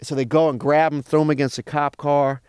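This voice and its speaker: A man's voice: fairly high pitch, fairly quick, smooth, no room sound, clean studio sound. A man, a comedian guest telling a profane story in casual chat and acting out what others said. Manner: animated, profane, acts out other people's lines.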